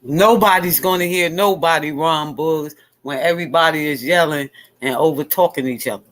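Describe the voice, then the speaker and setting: A woman's voice: sits low, normal speed. A woman hosting a casual chat, speaking bluntly and repeating her points for emphasis. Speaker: host.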